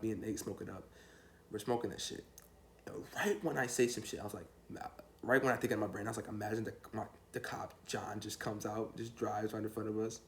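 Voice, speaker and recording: A man's voice: on the low side, a little hiss or hum. A young man telling a rambling, slangy story to his vlog viewers in a laid-back way. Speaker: storytime vlogger. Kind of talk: casual storytelling.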